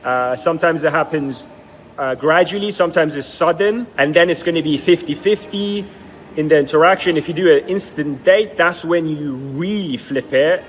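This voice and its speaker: A man coaching on dating, explaining approach mistakes and acting out sample pickup lines. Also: a little high. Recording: long reverb with faint music.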